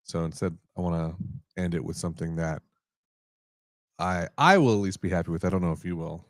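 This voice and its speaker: Deep-voiced man in casual podcast chat. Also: brisk, no echo, studio quality. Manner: relaxed, rambling, self-correcting. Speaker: podcast co-host.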